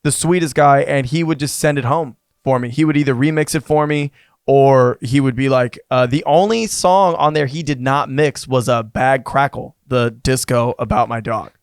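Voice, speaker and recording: Rambling, laughing musician in a dry studio. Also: male voice, medium pitch, normal speed, clean tone, no room sound. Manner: rambling storyteller, laughs often, acts out quotes. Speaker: singer-songwriter guest. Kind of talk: casual podcast chat. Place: studio lounge.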